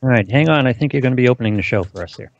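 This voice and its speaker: A male host running a live stream, brisk and joking in casual chat. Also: mid-range voice, lo-fi sound, a little hiss or hum.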